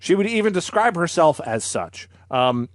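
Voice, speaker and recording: Stuffy-nosed dude on a comedy podcast, crude jokes, kinda high voice, dry sound. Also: male voice, very animated, moderate pace, no room sound. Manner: crude, joking, reads history with jokes. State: congested. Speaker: podcast host.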